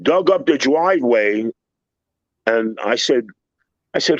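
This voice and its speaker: A man's voice: mid-range voice, very animated, a little slow, long pauses, dry recording, highs cut off. An older man, a construction contractor, telling a profane story on a podcast with heated, acted-out quotes.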